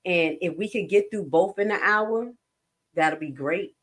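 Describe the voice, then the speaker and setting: A blunt, wisecracking woman talks casually on her live stream, with a somewhat low-pitched voice. She curses freely and jokes around, and her voice jumps suddenly up in pitch and loudness. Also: measured pace.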